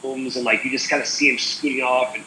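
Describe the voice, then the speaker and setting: A man's voice: medium pitch, steady tone, fast talker, sharp tone, roomy sound, a little hiss or hum, poor audio. A man co-hosting a casual talk show, rambling with many fillers. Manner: rambling, full of "like" and "uh". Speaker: co-host. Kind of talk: casual chat.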